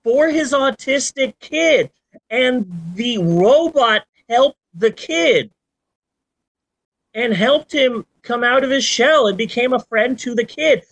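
A man chatting about films on a podcast, his pitch leaping all over as he rants. He jokes, swears and builds up to outbursts, with everyday energy in between. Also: no room sound. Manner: animated, ranting and joking, with swearing outbursts. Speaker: podcast host. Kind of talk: casual movie chat.

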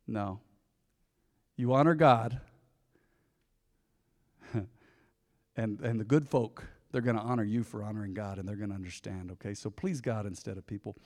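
A man's voice: fairly low pitch, normal speed, pauses often, darkish tone. A male pastor preaching a sermon in a conversational way, often asking the congregation questions. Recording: long reverb of a large hall.

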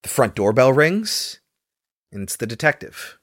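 A man's voice: mid-range voice, sing-song, a little slow, a bit bright, no echo, studio quality. A man casually retelling a film scene by scene, with loose fillers along the way. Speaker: podcast host recapping a film.

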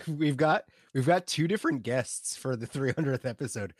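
A man's voice: medium pitch, expressive, normal speed, no room sound. A male co-host makes self-mocking jokes in live-stream banter. His voice sits mid-range and is recorded dry and close. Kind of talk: live-stream casual chat.

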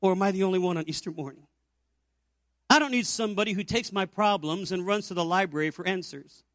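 Man, pastor, fifties, Easter sermon, high voice, builds to emphatic peaks then drops quiet. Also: fast, dry recording, clean studio sound. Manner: preaching with rising emphatic peaks and quiet low stretches.

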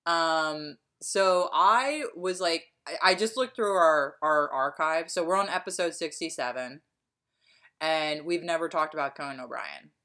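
A woman from Pennsylvania, co-hosting a podcast, rambles through casual chat in a deep voice at a measured pace, her tone bright and forceful. She swears freely and fills her sentences with ums and likes.

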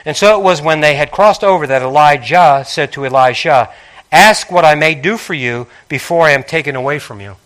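A man's voice: fairly high pitch, fairly quick, a bit bright. A man preaching a sermon, calling out to his congregation and reading scripture with emphasis.

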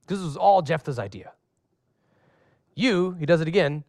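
A pastor preaching a lively sermon, acting out voices for humor and asking the congregation to answer him. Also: male voice, a little high, normal speed, dry recording. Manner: asks the congregation questions and has them respond.

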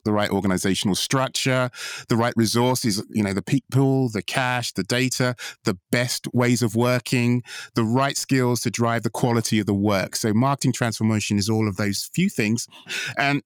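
Male podcast co-host, mid-pitched, assured and emphatic, repeats key points, dry recording. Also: steady tone, moderate pace, clean tone, dry recording. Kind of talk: pitching ideas in conversation.

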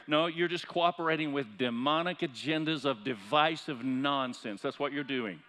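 A pastor preaching a sermon in a church, building up to loud, impassioned peaks. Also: male voice, mid-range voice, expressive, a little fast, few pauses. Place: church sanctuary. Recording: church hall reverb.

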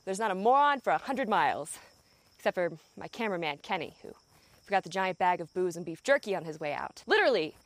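A woman's voice: fairly low pitch, sing-song, fast talker, no echo. A young woman hosting a scripted comedy vlog outdoors in the countryside, talking in a profane, sarcastic and exasperated way. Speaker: comedy video host.

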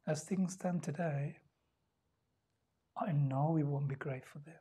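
A woman with a lowish, husky voice preaches a sermon in a church. Her delivery is dynamic and conversational, full of rhetorical questions, with loud emphatic stretches that drop to hushed near-whispers. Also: unhurried.

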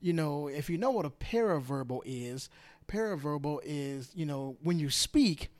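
A man delivers a podcast monologue in a fairly high, very animated voice. He hammers his points home by repeating phrases, now loud, now hushed. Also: moderate pace. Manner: emphatic, repeats phrases for stress, swings between loud and hushed. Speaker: podcast host. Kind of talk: opinionated political monologue.

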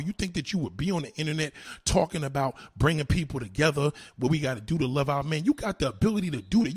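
A man with a raspy, somewhat high voice rants straight to the camera. His pitch swings widely, from low mutters up to shouted insults. He talks with crude, cutting bluntness. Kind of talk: heated profane rant to camera.

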